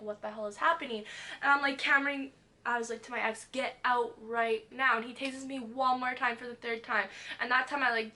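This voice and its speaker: A young woman vlogger telling a wild story from her past in a storytime vlog, full of "like" and swearing, acting out what people said. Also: a little high. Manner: fillers "like" constantly, animated retelling, swears.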